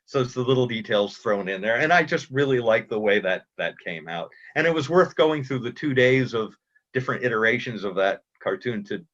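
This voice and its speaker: A man speaking as a cartoonist guest in a casual interview, talking in halting starts and restarts. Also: mid-range voice, expressive, fairly bright tone. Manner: halting, self-interrupting, chuckling. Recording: dull lo-fi audio.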